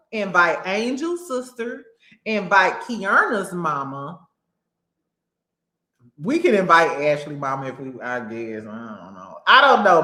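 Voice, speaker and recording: A woman hosting a casual recap show, animated and laughing often as she acts out what people said. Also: medium pitch, echoey room. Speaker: host.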